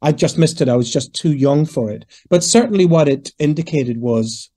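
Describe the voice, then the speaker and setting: A Northern Irish man in his fifties, a singer answering interview questions in a lively, storytelling way and acting out the voices of people he quotes. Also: on the high side, moderate pace. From Northern Ireland. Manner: animated, digressive, acts out quoted voices. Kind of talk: conversational storytelling.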